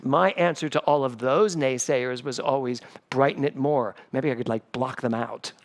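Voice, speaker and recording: A man's voice: mid-range voice, moderate pace. A middle-aged man, the spiritual director of a church, giving a sermon full of personal stories and acting out the voices of people in them. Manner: animated, acts out voices in stories. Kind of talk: storytelling sermon. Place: church sanctuary, livestreamed service.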